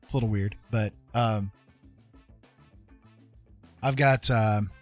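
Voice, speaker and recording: Male stream host, lowish voice, chatty, rambling. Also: fairly even intonation, takes it slowly, faint music behind. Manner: rambling, explains at length with fillers. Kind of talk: casual chat.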